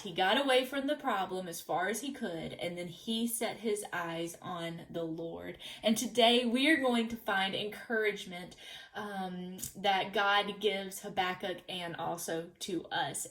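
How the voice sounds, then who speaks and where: A woman giving a scripted daily Bible devotional in a measured way, reading scripture passages aloud. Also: mid-range voice, fairly bright tone, poor audio. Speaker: devotional teacher.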